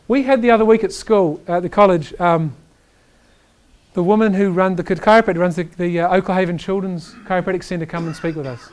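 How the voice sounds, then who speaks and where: A man giving an energetic chiropractic lecture, emphatic and animated, often checking in with "right?". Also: sits high, fairly quick, smooth. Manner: reads quotes aloud to the audience.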